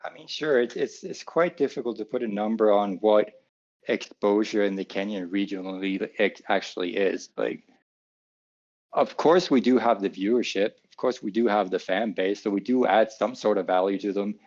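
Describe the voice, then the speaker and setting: A man's voice: fairly low pitch, normal speed, a little mellow, highs cut off. A man answering fan questions in a live Q&A as a club co-owner, earnest and a little defensive, often repeating words.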